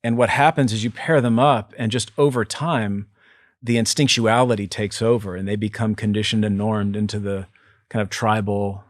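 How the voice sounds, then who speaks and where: A man with a lowish voice talks earnestly and at a measured pace, a psychotherapist reflecting aloud as an interview guest. He restarts phrases now and then. The sound is dry and close, with no room around it. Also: steady tone, no room sound. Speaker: depth psychotherapist, podcast guest.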